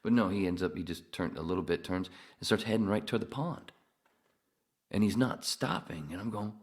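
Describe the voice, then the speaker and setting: A man's voice: on the low side, brisk. A man hosting a podcast, telling long stories in casual chat, swearing and laughing as he goes. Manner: swearing, laughing, animated storyteller. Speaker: podcast host.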